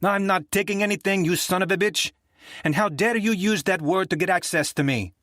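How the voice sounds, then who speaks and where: Man doing a rasping, foul-mouthed prosecutor woman. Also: a little high, very animated, normal speed, no echo, studio quality, voice pushed up, full character voice. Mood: furious. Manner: swearing, scornful, raucous. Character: female prosecutor, angry, foul-mouthed, raspy. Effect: heard over a phone line. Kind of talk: audiobook character voice.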